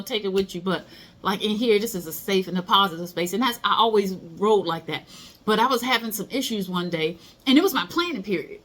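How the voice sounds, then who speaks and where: Speaking at medium pitch with a fairly bright tone, a middle-aged woman gives casual motivational advice. As a motivational speaker, she tells stories conversationally and performs the voices she quotes.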